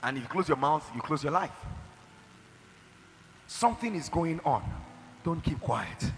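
A man preaching a sermon, emphatic, with shouted declarations and acted-out quotes to his church. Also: fairly high pitch, lively intonation, a little slow, long pauses, slight background noise. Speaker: pastor. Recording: hall reverb.

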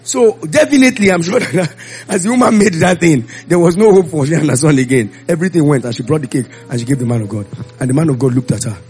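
A man's voice: on the high side, fast talker, husky, soft background music. A man preaching a sermon, telling Bible stories and acting out the voices of the people in them. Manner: animated storytelling, acting out voices.

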